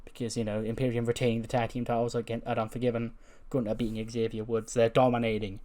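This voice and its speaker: A man's voice: medium pitch, little pitch movement, quick pace, dark tone. A man giving wry, chatty commentary while playing a wrestling management game. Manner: chatty, wry, laughs often. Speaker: let's-play commentator.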